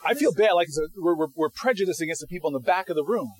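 A man with a high-pitched voice speaks to a live audience as a guest speaker. He tells stories with energy, stumbling and restarting his sentences, and mimics the people in his anecdotes. He sounds like he is speaking in an event hall. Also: rapid-fire, background noise. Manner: animated storyteller, frequent restarts; acts out quoted people. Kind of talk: answering audience questions.

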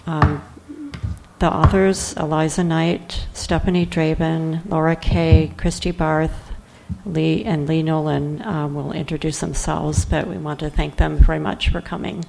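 A woman's voice: deep voice, little pitch movement, a little slow, gravelly, a little mellow, slight background noise, poor audio. A woman hosting an event, giving a hesitant welcome announcement with many ums. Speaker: event host.

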